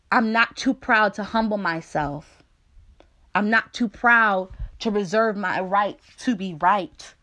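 A woman giving a personal devotional talk, candid and conversational, with playful asides and slow, deliberate scripture reading. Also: medium pitch, a bit bright. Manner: reads scripture slowly and deliberately. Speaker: speaker sharing a faith testimony.

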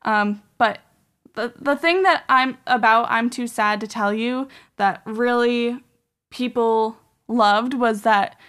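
Woman podcast host, kinda high voice, rambly casual storytelling, um like um. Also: slow, fairly bright tone, clean tone. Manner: rambling, filler-heavy with many "um" and "like".

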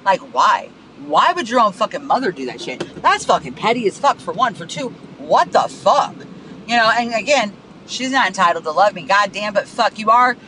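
A man with a high, sharp voice rants in a profane, heated monologue, circling back over the same words. He records from his car, and faint traffic noise hums underneath. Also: big pitch swings, normal speed, low-quality recording. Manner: profane, heated, repeats himself. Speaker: podcast host. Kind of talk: venting monologue.

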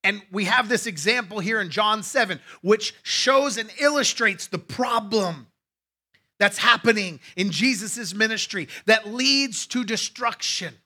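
A man's voice: high voice, measured pace, sharp tone. A male pastor preaching a sermon in a conversational way, with asides to his congregation.

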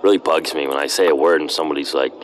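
A man's voice: a bass voice, racing, a little hiss or hum. A young man with a Pittsburgh accent, a podcast guest trading blunt jokes in casual chat. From Pittsburgh, Pennsylvania. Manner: joking, blunt.

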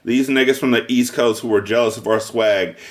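Male co-host, mid-pitched, blunt teasing trash talk. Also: steady tone, brisk. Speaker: podcast co-host. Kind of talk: casual chat.

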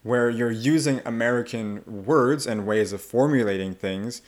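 A man's voice: medium pitch, moderate pace. A man working as an English accent coach, explaining and demonstrating pronunciation in a casual podcast conversation.

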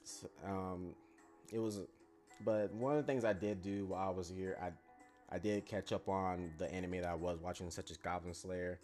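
A man's voice: low voice, fairly even intonation, moderate pace, darkish tone, faint music behind. A young man giving a casual, rambling, profane review, blunt and full of fillers. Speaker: anime reviewer.

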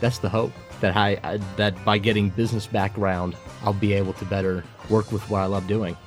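A young college student from Oklahoma with a Southern accent, chatting casually as a guest and laughing often. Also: male voice, on the low side, fairly quick, faint music behind. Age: young adult. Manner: laughs often, lively and eager. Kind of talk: casual chat.

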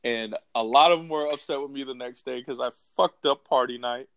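A man telling a wild story in casual chat, animated and laughing often, with crude slang. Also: medium pitch, brisk, no room sound.

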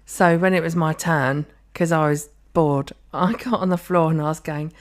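A woman chatting on a podcast with a slightly low voice. She rants in a lively, sweary way, often jumping into mocking impressions of people she's complaining about. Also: moderate pace. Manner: sweary, animated ranting with mock quotes. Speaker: podcast co-host. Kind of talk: casual chat.

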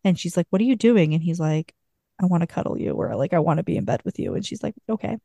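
A woman co-host rambles through a casual book recap, peppering her retelling with filler words. Her voice sits a little low and sounds mellow and relaxed. The recording is close and dry, with no room sound. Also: quick pace, gravelly, no echo. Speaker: podcast co-host.

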